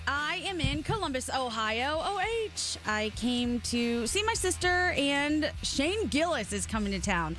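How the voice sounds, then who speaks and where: Animated chatty woman co-host. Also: high-pitched, a little slow, hardly any pauses, faint music behind. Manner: chatty, eager storyteller. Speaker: radio co-host. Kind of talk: casual radio chat.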